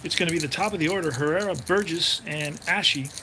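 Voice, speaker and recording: A man calls a tabletop baseball game like a radio announcer, narrating each roll and play in a relaxed, chatty way and thinking aloud as he looks things up. His voice sits a bit higher than most men's and he speaks a little fast. A faint hiss runs under the recording.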